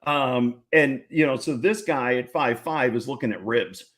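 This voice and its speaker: Telling a story in a folksy, joking way, this ranch founder laughs a lot while being interviewed. His voice is medium in pitch and a bit bright, and he speaks a little slowly.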